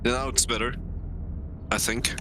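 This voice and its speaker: A man's voice: medium pitch, steady tone, normal speed, noisy background. A man from Thailand, born in Finland, streaming a sim race and joking with friends in casual chat. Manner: chatty, jokey, self-mocking.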